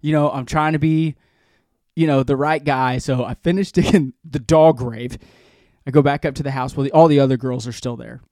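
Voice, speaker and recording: A man in his forties telling a long rambling story in casual chat, animated and profane, as a podcast co-host. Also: medium pitch, normal speed, no echo, clean studio sound.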